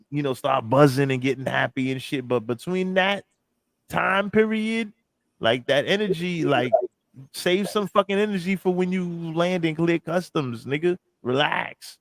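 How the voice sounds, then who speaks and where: A man's voice: on the high side, moderate pace, gravelly, no room sound. A man hosting a livestream, giving blunt, laughing commentary full of swearing. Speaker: livestream host. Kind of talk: casual profane commentary.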